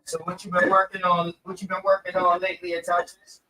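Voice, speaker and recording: A man hosts a casual conversation in slangy, easygoing speech. His voice sits a little high for a man. He explains things step by step as he talks. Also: completely flat delivery, fairly quick, pushed and bright, slight background noise. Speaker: host. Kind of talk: casual chat.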